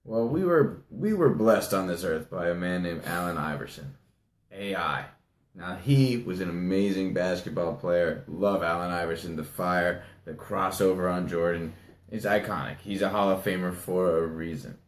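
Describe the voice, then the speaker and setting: A man co-hosting a casual sports talk show, telling stories with energy and laughing at them. His voice sits a bit low. The sound carries the echo of a bare room. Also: normal speed. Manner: animated storyteller, laughs at his own story. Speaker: podcast co-host.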